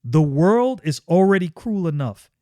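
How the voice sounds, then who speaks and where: A man's voice: a little high, animated, measured pace, mellow, no echo. A man reading a stern ranch wife. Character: fierce middle-aged ranch wife defending her home.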